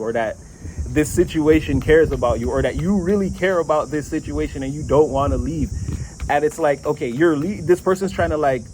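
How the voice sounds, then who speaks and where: A man's voice: a little high, darkish tone, slight background noise, rough recording. A man giving a casual tarot reading, chatty, laughing often and swearing now and then. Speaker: tarot reader.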